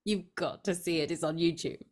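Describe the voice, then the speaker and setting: A woman's voice: lowish voice, fairly even intonation, brisk, darkish tone. A woman chatting on a video call, enthusiastic and laughing, often repeating her words. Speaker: play reading participant. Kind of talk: casual chat on a video call.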